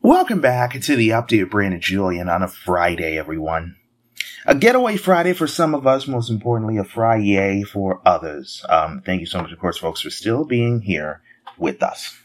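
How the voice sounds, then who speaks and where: A man's voice: on the low side, big pitch swings, normal speed. A man hosting a news podcast, reading headlines with chatty joking asides. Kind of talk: casual news podcast delivery.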